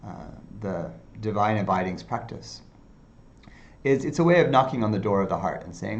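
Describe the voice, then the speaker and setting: A male meditation teacher giving an unhurried dharma talk, with many fillers and softly repeated phrases. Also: fairly low pitch, expressive.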